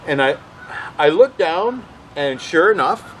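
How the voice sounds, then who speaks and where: A man's voice: fairly high pitch, takes it slowly, a little hiss or hum, low-quality recording. A man telling rambling anecdotes in a casual vlog, often acting out what others said. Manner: rambling, animated, quotes others in voices. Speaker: vlog host.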